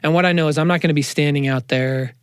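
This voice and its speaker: A man, a counselor, talking in a casual interview, animated and quick with asides, in a studio. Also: a little high, clean tone, no room sound. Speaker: counselor, podcast guest. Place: radio studio.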